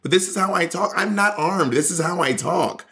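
A man's voice: high-pitched, moderate pace, a bit bright. A man co-hosting a podcast in casual chat, insistent and repeating his points as he argues. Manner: insistent, repeats himself while arguing. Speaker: podcast co-host.

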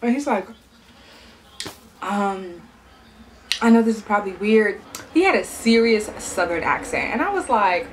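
A woman's voice: on the high side, unhurried, pauses often, background noise. Chatty young woman vlogger, eating while talking. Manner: chatty, animated, acts out quoted voices.

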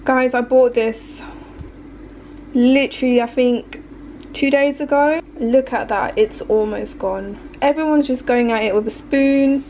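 A young woman cooking vlogger chats in her home kitchen, bubbly and talkative, drifting into rambling asides. Her voice is slightly high yet darkish in tone, and unhurried. She films on a handheld phone, so the kitchen recording is noisy.

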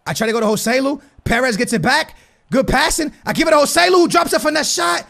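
American gamer guy, high gravelly voice, swings from loud hype to low mutter. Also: fast talker. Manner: hyped, shouting at goals, then quiet and muttering. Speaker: gaming YouTuber. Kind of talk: excited gameplay commentary.

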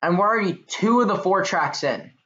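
Excitable young guy reviewing tracks, lively tone, muffled recording with music under him. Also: high voice, fairly quick. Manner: excitable, swears and exclaims often. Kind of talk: casual reaction commentary. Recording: dull lo-fi mic with music playing. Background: music playing.

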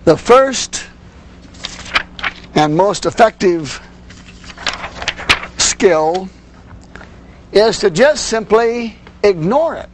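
Male parenting instructor, high-pitched, earnest lecture delivery, faint hum behind. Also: expressive, drawn-out words, pauses often. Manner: earnest, with frequent "you see".

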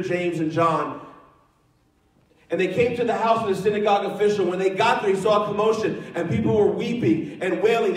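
Pastor, male, high-pitched, earnest sermon delivery with restarts, recorded from a distance in a very echoey church hall. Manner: earnest preaching with repeated phrases and restarts. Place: church sanctuary.

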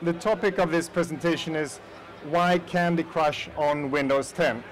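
A Swedish man with a Swedish accent gives a casual conference talk in a hall, chatting directly to the audience and using lots of fillers. His voice is a little high and steady at a moderate pace, though the audio is poor.

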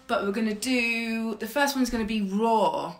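A woman's voice: on the high side, moderate pace, music in the background. A woman teaching an online singing class, patient and encouraging, laughing often as she guides learners. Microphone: livestream mic. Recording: echoey room, faint keyboard.

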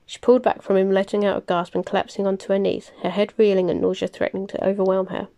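A woman reading a novel aloud, plain and unhurried, with small slips she corrects as she goes. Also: medium pitch, level tone, warm tone. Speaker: reader. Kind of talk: audiobook-style novel reading.

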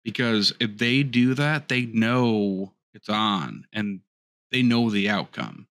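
A man's voice: fairly low pitch, expressive, slow, a bit bright, no room sound, clean studio sound. A man co-hosting a casual podcast, talking in a laid-back, bro-ish way. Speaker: podcast co-host.

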